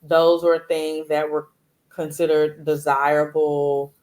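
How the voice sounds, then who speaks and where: A woman, hosting a casual conversation and telling stories in a relaxed way. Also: low-pitched, slow. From Louisiana, USA. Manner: relaxed storytelling, frequent "like" fillers. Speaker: host.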